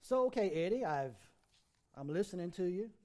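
A male pastor with a high voice preaches in a church. He recites scripture and builds with rising emphasis, then drops low and quiet to make a point. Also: lively intonation, moderate pace. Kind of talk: sermon.

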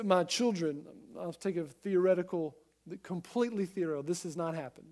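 A male pastor preaching a sermon in an earnest, emphatic way, speaking straight to listeners at home and swinging between quiet and loud. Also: high voice. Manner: addresses listeners at home directly.

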